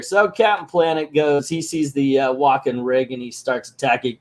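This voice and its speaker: A man's voice: medium pitch, steady tone, moderate pace, few pauses. A man casually recapping a cartoon episode as a channel host, with sarcastic, joking asides.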